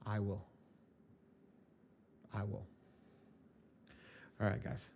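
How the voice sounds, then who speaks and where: A man's voice: on the low side, completely flat delivery, very slow, creaky, darkish tone, a little hiss or hum. A man teaching a live online class from home, chatting loosely and telling jokey stories in slang. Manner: loose, joking storyteller with slang. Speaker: credit dispute trainer.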